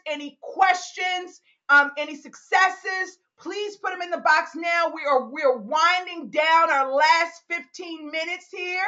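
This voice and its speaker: A woman with an extremely high, sharp voice hosts a live Q&A call, reading listeners' comments aloud and cheering them on. She's exuberant, whooping and laughing often, hyping people up and calling them y'all. The recording sounds muffled.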